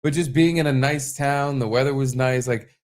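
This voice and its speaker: A man's voice: mid-range voice, fairly even intonation, normal speed. A man co-hosting a podcast in casual chat, profane and joking, often rambling between thoughts. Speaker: podcast co-host.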